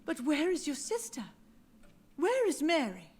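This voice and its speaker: A woman's voice: high-pitched, sing-song, unhurried. A confused, grieving old mother. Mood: wistful. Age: older. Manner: wistful, drifting, quietly confused. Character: frail grieving elderly mother, confused and wandering. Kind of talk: video game dialogue.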